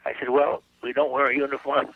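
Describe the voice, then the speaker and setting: An older man, a guest psychic on a radio show, tells a wandering anecdote in a chatty way and acts out the dialogue of the people in it. His mid-range voice stays fairly flat in pitch and moves fast. The recording is dry, coming through a narrow, phone-like line.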